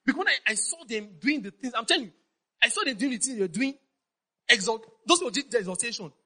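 A man's voice: extremely high pitch, lively intonation, quick pace, bright, forceful tone, rough recording. A middle-aged Nigerian man with a Nigerian accent, preaching a sermon in an emphatic, repetitive way and often checking that his congregation understands. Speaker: pastor.

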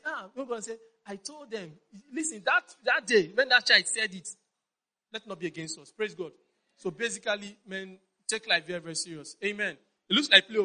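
A man's voice: sits high, sharp tone, low-quality recording. A middle-aged Nigerian man with a Nigerian accent, preaching a sermon in an emphatic, repetitive way and often checking that his congregation understands. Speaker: pastor.

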